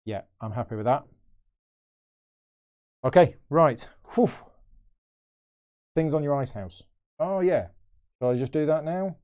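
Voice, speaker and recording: A man's voice: medium pitch, animated, normal speed, pauses often, mellow. A man hosting a live solo board game playthrough, chatting and thinking aloud as he moves pieces. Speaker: board game channel host.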